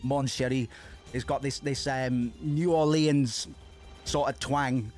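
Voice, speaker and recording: A man streaming himself playing a video game, chatting excitedly into a desk microphone, swearing and restarting his sentences. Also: mid-range voice, slow pace, faint music behind. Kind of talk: casual let's-play commentary.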